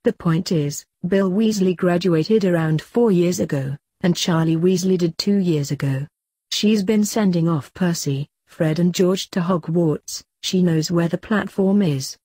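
Matter-of-fact mom lady doing her, husky, dry sound. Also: fairly low pitch, measured pace, dark tone, no room sound.

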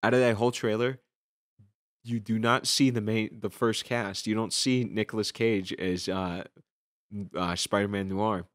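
A man's voice: on the low side, fairly even intonation, measured pace, no room sound, clean studio sound. A young man hosting a casual podcast, telling rambling stories full of fillers and restarts. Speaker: podcast host.

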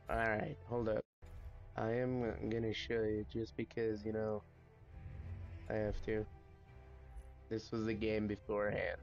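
Gravelly, unhurried male gamer. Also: lowish voice, highs cut off, soft background music. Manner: excitable, swears, makes sound effects. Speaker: gameplay commentator. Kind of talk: casual gameplay commentary.

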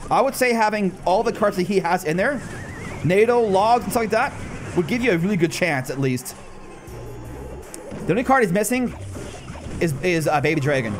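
A man with a high, very lively voice comments on his own game matches in casual streamer fashion. He swings from quick, low asides to loud, incredulous shouts. Soft music plays underneath. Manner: excitable, bursts into high disbelieving shouts. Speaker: gaming channel host. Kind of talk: live gameplay commentary.

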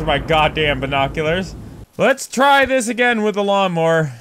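A man doing let's play commentary, loud and profane, yelping and laughing as he plays. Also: high-pitched, animated, normal speed. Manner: loud, profane, yelps and laughs while playing. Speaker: gaming YouTuber. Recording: faint background noise.

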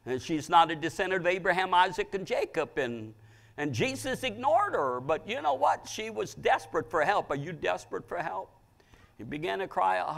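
Gravelly older male preacher, fervent. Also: on the high side, very animated, normal speed. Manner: fervent preaching, crying out loudly, frequent stammered restarts. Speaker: pastor. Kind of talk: sermon.

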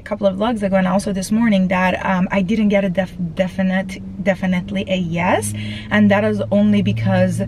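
A woman's voice: mid-range voice, a little hiss or hum, low-quality recording. A woman vlogging casually from inside her car, chatty and rambling with lots of fillers, a bit out of breath, recorded on a phone. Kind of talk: casual vlog chat.

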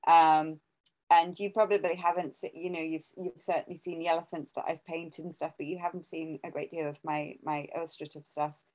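Rambling English woman, lower voice. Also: little pitch movement, a little fast, darkish tone, poor audio. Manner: rambling, many restarts and fillers, laughs at herself. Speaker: podcast co-host and artist. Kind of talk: casual chat.

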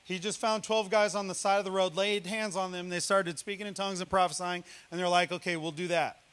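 A man from Missouri preaching a guest sermon in a high, bright-pitched voice. He talks loudly and sometimes yells. He teases the congregation between points. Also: level tone, a little fast, smooth. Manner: loud, yelling preaching style; playful, teasing the congregation. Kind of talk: lively sermon with jokes.

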